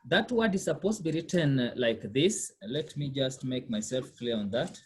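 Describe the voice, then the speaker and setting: A man's voice: mid-range voice, expressive, moderate pace, breathy edge. A man tutoring French one-on-one, patiently repeating words and checking for understanding. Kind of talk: one-on-one language lesson.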